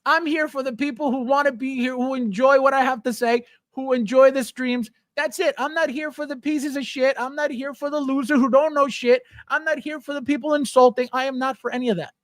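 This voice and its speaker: A man's voice: very high-pitched, fairly even intonation, a little fast, hardly any pauses, fairly bright tone, no room sound, clean studio sound. A man hosting a livestream, ranting bluntly and with heavy profanity as he reads out and answers viewer chat. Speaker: livestream host. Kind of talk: casual livestream rant.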